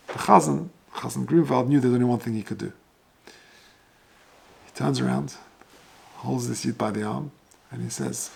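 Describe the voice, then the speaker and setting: A man's voice: mid-range voice, fairly even intonation, normal speed, vocal fry, pauses often, a little mellow, husky. A man, a rabbi, telling a moving story as a sermon in an earnest way. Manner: earnest, builds intensity at emotional moments.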